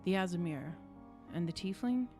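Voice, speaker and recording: A woman's voice: on the low side, expressive, moderate pace, darkish tone, faint music behind. A woman voicing a stern, threatening male guard captain in a tabletop game, giving curt, clipped orders. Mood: curt warning.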